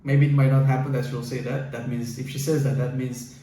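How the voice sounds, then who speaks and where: A man's voice: mid-range voice, flat delivery, brisk, mellow. A man giving casual relationship advice in a hesitant, coaching way, with many fillers and restarts. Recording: echoey room, far from the mic, faint hiss.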